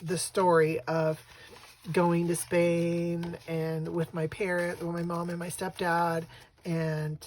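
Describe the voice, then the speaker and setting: A middle-aged woman with a lowish voice, chatting casually as she shows her craft pages. She talks softly and rambles, with many fillers and restarts. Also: completely flat delivery, takes it slowly. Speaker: craft vlogger.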